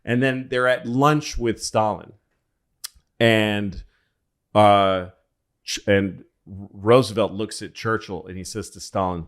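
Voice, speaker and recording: A man's voice: on the low side, steady tone, slow, fairly bright tone. A man telling a rambling, profane history story on a casual podcast. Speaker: comedian guest.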